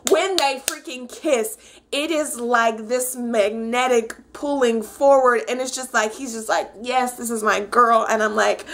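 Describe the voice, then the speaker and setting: Young woman, casual recap vlogger, animated and chatty, slightly high voice, vocal fry. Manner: chatty and animated, many fillers. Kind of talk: casual chat.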